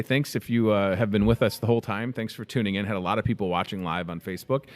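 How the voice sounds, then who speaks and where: Chatty man hosting a live morning show. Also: lowish voice. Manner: upbeat, chatty, rambling sign-off. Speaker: host. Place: grocery store grill.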